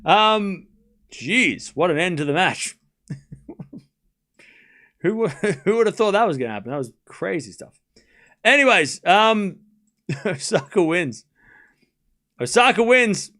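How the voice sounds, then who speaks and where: A man hosting a live tennis watchalong stream, chatting casually and excitedly, laughing often and thinking out loud. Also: high voice, slow pace, pauses often. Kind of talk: live commentary and casual chat.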